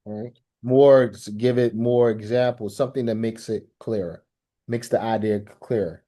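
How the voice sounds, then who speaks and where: A man's voice: on the low side, steady tone, normal speed, mellow. A man teaching a live language class, quizzing the student and often repeating and restarting his phrases.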